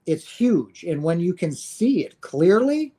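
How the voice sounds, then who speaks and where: A man's voice: high voice, sing-song, slow, dark tone, slightly rough. A man in his fifties from the United States, talking casually and earnestly about spirituality to his viewers, often asking "right?" and swearing now and then. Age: 50s. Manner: earnest, preachy, peppered with "right?" and profanity. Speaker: spiritual streamer.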